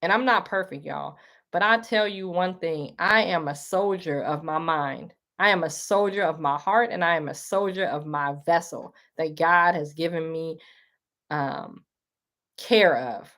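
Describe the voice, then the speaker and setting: A woman's voice: low voice, unhurried, fairly bright tone. A woman hosting a live talk, speaking earnestly and preachily to her listeners, calling them y'all. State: emotional, tearing up. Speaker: livestream host. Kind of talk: casual spoken monologue.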